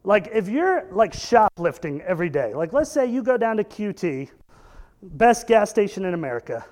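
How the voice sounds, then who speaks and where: A pastor preaching a conversational sermon, animated, with rhetorical questions and joking asides. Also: male voice, high-pitched, normal speed.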